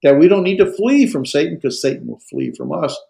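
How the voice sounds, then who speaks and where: Gravelly man lecturing in an echoey room. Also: fairly high pitch, expressive, fairly quick, mellow. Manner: hesitant, many fillers and restarts. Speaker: Greek instructor. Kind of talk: classroom lecture with questions.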